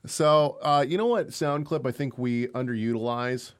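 A man's voice: medium pitch, moderate pace, smooth. A young adult man co-hosting an online radio show, joking and rambling in casual chat and laughing often.

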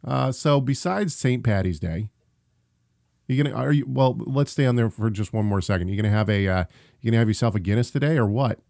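A man's voice: medium pitch, a little fast, creaky, darkish tone, dry recording. Chatty guy hosting a talk show, rambly, dry close mic. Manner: rambling, self-correcting, laughs easily. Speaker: podcast co-host. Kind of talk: casual show chat.

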